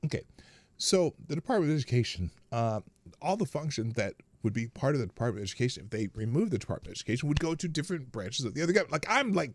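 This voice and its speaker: A man hosting a live stream, telling a story in a casual, animated way, acting out the other people's lines and laughing often. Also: mid-range voice, racing, no room sound. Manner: animated, acts out quoted voices, laughs often. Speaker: livestream host.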